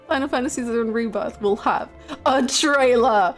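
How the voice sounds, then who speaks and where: A woman's voice: a little high, measured pace, faint music behind. A woman streaming from home, chatting casually with her viewers, laughing often and greeting them by name in a playful, chaotic way.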